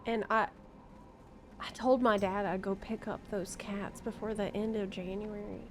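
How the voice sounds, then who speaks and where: A woman's voice: mid-range voice, fairly even intonation, unhurried, slight background noise. A young adult woman streaming a game, chatting casually and musing aloud, easily delighted. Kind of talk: casual gaming stream chat.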